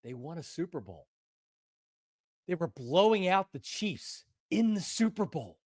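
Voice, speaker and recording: An older man hosting a live sports talk stream, passionate and emphatic, repeating himself and at times breaking into shouts. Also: fairly high pitch, big pitch swings, unhurried, dry recording, clean studio sound. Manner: bursts into shouting. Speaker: sports show host.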